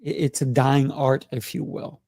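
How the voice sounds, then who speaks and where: A man's voice: medium pitch, little pitch movement, moderate pace, dark tone, no room sound, clean studio sound. A man hosting an interview, enthusiastic and affirming, often restarting his phrases. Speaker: host. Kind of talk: casual interview.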